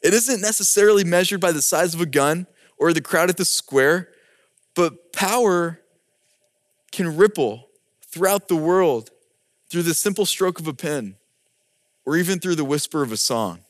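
High-pitched guy giving a talk, animated storytelling, dry close sound. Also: moderate pace, pauses often, no room sound. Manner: animated storyteller acting out scenes. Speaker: speaker giving a prepared talk. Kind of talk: storytelling talk with rhetorical questions.

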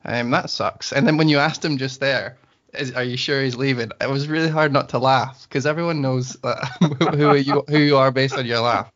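A man from Scotland with a Scottish accent, joining as a new podcast co-host, friendly and quick to laugh. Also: medium pitch, fairly even intonation, a bit bright, dull audio. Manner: laughs often, friendly, easygoing. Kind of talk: casual podcast chat.

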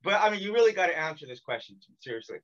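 Bright, teasing American man hosting. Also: sits high, racing, lo-fi sound. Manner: joking, teasing, energetic. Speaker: podcast host. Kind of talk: casual interview chat.

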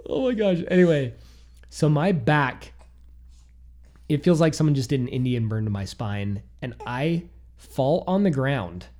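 A man in his thirties speaks at a measured pace in a mid-range voice, recounting a personal story during a casual chat. He animatedly acts out the things he and other people said.

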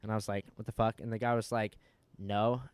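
Young guy on a podcast, talks super fast, swears a lot, dry close sound. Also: fairly low pitch, flat delivery, clear, resonant tone, no echo. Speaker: podcast host. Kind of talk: casual storytelling chat.

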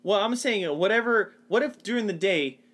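Young man from Canada, playful rambling podcast co-host, slightly high voice. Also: lively intonation, a little fast, a bit bright. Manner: playful, rambling, laughs often. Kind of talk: casual banter.

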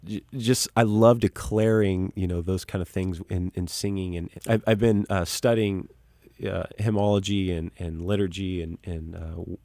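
A man's voice: sits low, steady tone, normal speed, warm tone, dry recording, clean studio sound. A man, a musician and pastor, talking as a guest in an earnest, reflective way with frequent restarts. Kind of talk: conversational interview.

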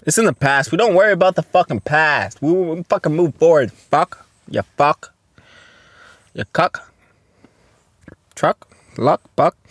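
A man's voice: on the high side, creaky, dry recording, studio quality. A young man in his twenties hosting a solo podcast, reading posts aloud and reacting bluntly with lots of profanity. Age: 20s. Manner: profane, blunt, reacts loudly to what he reads. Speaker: podcast host.

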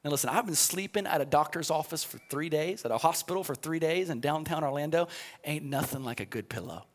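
A man preaching a sermon as pastor, telling the story in a conversational way, often repeating words as he starts sentences, and building to shouted, rising preaching. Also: fairly high pitch, fairly quick.

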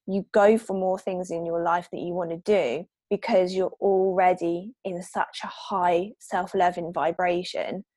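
A woman's voice: fairly low pitch, flat delivery, a little slow, hardly any pauses, a little mellow, dry recording. A woman guest on a podcast, explaining her views with confident emphasis. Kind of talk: casual podcast conversation.

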